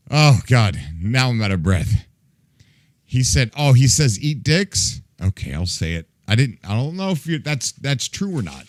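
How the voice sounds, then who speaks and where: A man streaming and chatting loosely with his viewers, his voice bouncing all over in pitch. He laughs a lot, does goofy sound effects and plays at being fed up with the chat. The sound is dry and close, with no room in it. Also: very animated, takes it slowly, long pauses, no room sound. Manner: mock-exasperated as he reacts to chat. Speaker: livestream host.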